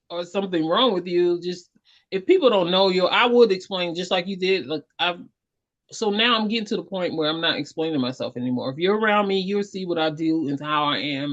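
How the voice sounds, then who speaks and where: A woman actor and singer chatting as an interview guest, telling her stories in a rambling, earnest way. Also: lowish voice. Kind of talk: casual interview chat. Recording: dull lo-fi audio.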